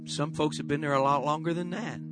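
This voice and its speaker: A man's voice: on the high side, fairly even intonation, fairly quick, over loud music. A man pastor delivering an impassioned sermon. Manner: impassioned preaching, dropping to a soft voice in prayer.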